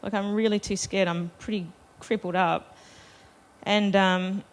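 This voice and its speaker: At a measured pace and steady tone, this medium-pitched woman shares a personal story with a festival crowd, chatting self-deprecatingly and laughing between lines.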